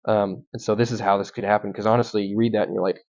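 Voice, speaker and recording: A man's voice: on the low side, little pitch movement, fast, darkish tone. Young man teaching scripture, lo-fi sound. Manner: conversational, frequent ums and restarts. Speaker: guest speaker. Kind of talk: bible teaching. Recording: dull lo-fi sound.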